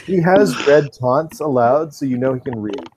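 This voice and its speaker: A man's voice: medium pitch, animated, moderate pace, noisy background. A man narrating as game master in a tabletop role-playing game, dry and teasing.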